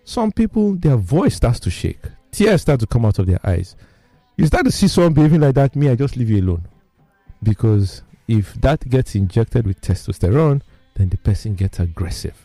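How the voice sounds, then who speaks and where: A man, telling personal stories in casual talk as he explains a topic, animated and emphatic. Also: medium pitch, moderate pace, no echo, faint music behind. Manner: animated storyteller, lively and emphatic.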